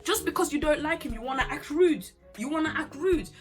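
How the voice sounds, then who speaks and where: A young woman runs through a reality show in casual vlog commentary. She is sassy and animated, calling people out directly. Faint music plays softly behind her. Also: high voice, brisk. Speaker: vlogger.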